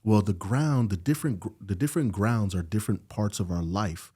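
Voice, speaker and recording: Man telling a story in a low, dark voice. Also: a little fast, slightly rough. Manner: animated storyteller, acts out quoted dialogue. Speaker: podcast guest. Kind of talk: storytelling in casual conversation. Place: podcast studio.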